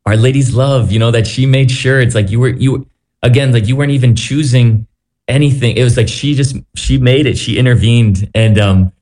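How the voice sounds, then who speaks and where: A man, a priest, responding gently and reflectively, often pausing to find his words. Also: mid-range voice. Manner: gentle, halting, searching for words. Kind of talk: reflective commentary.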